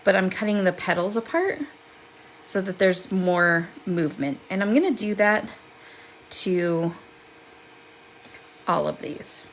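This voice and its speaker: A woman's voice: lowish voice, slow pace, long pauses, slight background noise, poor audio. A woman hosting a live crafting demo. She chats with viewers and laughs often, seated at her craft desk. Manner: chatty and upbeat, laughs often. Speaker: crafting livestream host.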